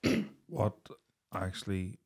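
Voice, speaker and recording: A male podcast host asking a guest gentle, stumbling follow-up questions. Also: fairly low pitch, wildly swooping pitch, takes it slowly, slightly rough.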